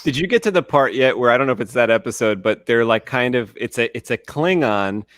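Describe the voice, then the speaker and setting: A man's voice: medium pitch, expressive, fairly quick, a bit bright, no echo. A man in a casual chat, retelling things in a loose, rambling way full of fillers.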